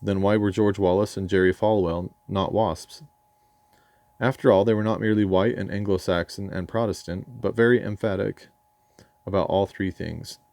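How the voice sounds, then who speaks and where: A man's voice: sits low, steady tone, normal speed, creaky, a little mellow, dry recording. An English man reading his own memoir aloud in a dry, ironic, erudite manner, sometimes stumbling over a word. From England. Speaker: memoir narrator.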